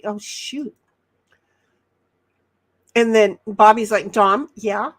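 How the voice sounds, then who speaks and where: A woman's voice: mid-range voice, fairly even intonation, slow pace. A woman hosting a casual livestream chat, rambling as she reads viewers' messages aloud. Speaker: livestream host reading chat.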